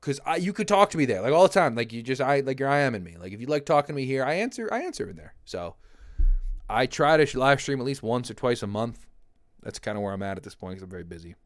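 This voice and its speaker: A young man chats casually to his livestream viewers, rambling from one topic to the next and laughing easily. His voice sits in a middle pitch. It sounds dry and close to the mic at his home setup. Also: very animated, fast talker, dry recording. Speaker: livestream host. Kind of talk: casual chat.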